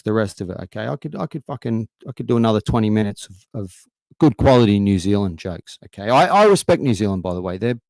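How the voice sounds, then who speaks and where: A young Australian man telling a long stand-up story in a loose, rambling way, swearing freely. His voice sits low, and the sound is close and dry with no room around it. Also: darkish tone, no echo. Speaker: stand-up comedian. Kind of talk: stand-up set on a livestream.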